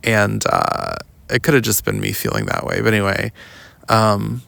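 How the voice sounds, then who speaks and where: A young adult podcast host telling a long personal story outdoors in a rambling, casual way, full of "like" and "um". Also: male voice, on the low side, wildly swooping pitch, normal speed, gravelly, pushed and bright, no room sound. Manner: rambling, lots of "like" and "um", mimics others in quotes. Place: outdoors walking in the woods.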